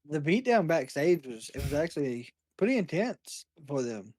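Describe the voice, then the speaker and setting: Male co-host, fairly high voice, dry sound; eager, casual chatter with quick agreements. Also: big pitch swings, a little mellow, dry recording. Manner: enthusiastic, chiming in with short agreements. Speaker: podcast co-host. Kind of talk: casual wrestling chat.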